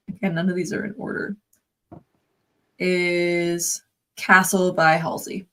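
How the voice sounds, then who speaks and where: A woman's voice: lowish voice, little pitch movement, takes it slowly, pauses often, a bit bright. A woman co-hosting a live writing stream, chatting in an easygoing way and steering the talk. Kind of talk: casual chat.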